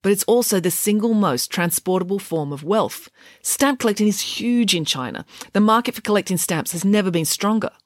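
A woman voicing a sharp, clever schoolgirl detective who explains things confidently. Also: medium pitch, expressive, brisk, dry recording, voice pushed up, natural voice. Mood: explaining.

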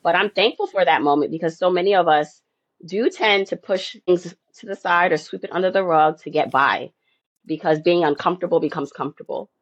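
A woman's voice: fairly low pitch, brisk, dry recording. A woman guest on a podcast, answering questions in a reflective, storytelling way. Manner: reflective, warm storytelling with light laughs. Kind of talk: conversational interview answer. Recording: dry, dull lo-fi remote audio.

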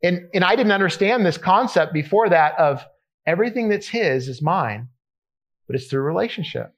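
A man's voice: sits high, lively intonation, moderate pace, dull audio. A man preaching a sermon in a casual, conversational way, telling a personal story with many fillers and restarts. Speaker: pastor.

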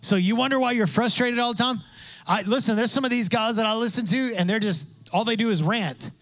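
Male pastor, high voice, lively, conversational sermon delivery with quoted voices. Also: a little fast. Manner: animated, acts out quoted voices, builds to loud emphasis; conversational with asides and self-interruptions.

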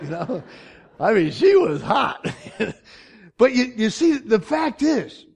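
A man with a high-pitched voice preaching a sermon. He tells stories with dramatic swings in volume, dropping to quiet asides and rising to loud punchlines. He chuckles often along the way. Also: wildly swooping pitch, a little slow, creaky, breathy edge. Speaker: pastor.

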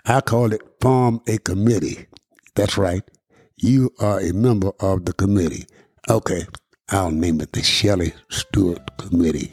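An older man hosting a podcast, speaking to listeners in an earnest, preacherly way and stressing his words slowly and deliberately. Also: fairly low pitch, darkish tone, slightly rough, dry recording, clean studio sound. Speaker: podcast host. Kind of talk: earnest direct address to listeners. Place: studio.

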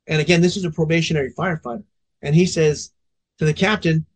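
A man's voice: a little high, fairly quick. Man, forties, fire officer, podcast guest, raised voice, intense, swears freely. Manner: intense, profanity-laced storytelling. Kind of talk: candid podcast storytelling.

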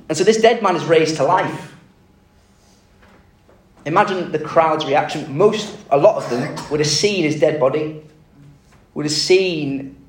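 A man preaching a conversational sermon, telling the story with lively asides and rhetorical questions. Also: medium pitch. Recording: echoey room, mic at a distance.

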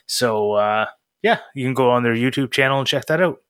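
A man co-hosting a podcast in casual chat, his voice bright and forceful. He rambles along with fillers and restarts, recorded close and dry. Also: medium pitch, fairly quick, no echo. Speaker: podcast co-host.

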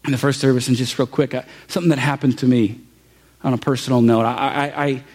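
A young adult man from the Saint Louis area giving an earnest, halting sermon testimony that builds to an impassioned close. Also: mid-range voice, steady tone, darkish tone. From Saint Louis area, Missouri. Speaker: pastor.

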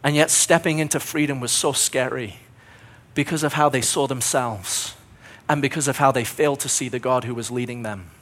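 A man's voice: medium pitch, normal speed, a bit bright. A man preaching a sermon in an earnest way, building his points through repeated phrases, his voice a little strained. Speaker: pastor.

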